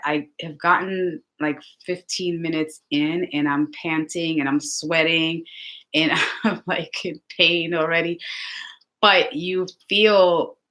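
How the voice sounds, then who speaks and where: A woman vlogger chatting casually to her viewers, telling lively stories. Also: lowish voice. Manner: chatty, animated storytelling with laughs. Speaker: lifestyle vlogger.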